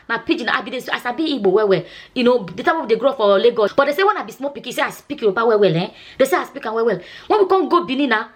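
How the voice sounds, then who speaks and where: A Nigerian woman with a high voice talks quickly in a casual storytelling vlog in Nigerian Pidgin. She's a nurse and vlogger, chatty and repetitive, often asking "you understand?"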